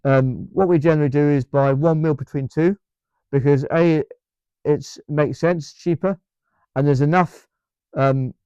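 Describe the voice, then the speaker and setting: Speaking to camera in a casual vlog, this Englishman has a smooth, dark voice on the high side, captured in lo-fi sound without echo. His delivery is enthusiastic and emphatic, rambling along with frequent restarts and repetitions.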